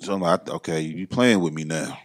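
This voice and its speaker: A man's voice: extremely low pitch, a little fast. A man, a podcast guest, telling his story in casual slang and acting out the voices of the people he quotes.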